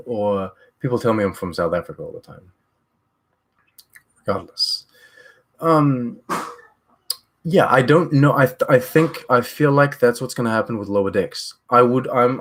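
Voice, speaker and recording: A man from New Zealand riffs casually on his live stream, and his voice sits a little low. He rambles through loose opinions and keeps restarting his sentences, with plenty of filler words. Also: fairly bright tone.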